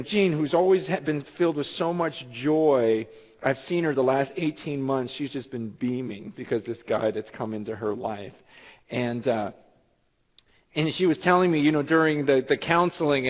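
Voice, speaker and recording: Animated high-voiced pastor in a reverberant hall. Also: male voice. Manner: storytelling, animated, acts out quoted voices. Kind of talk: sermon. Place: large church hall.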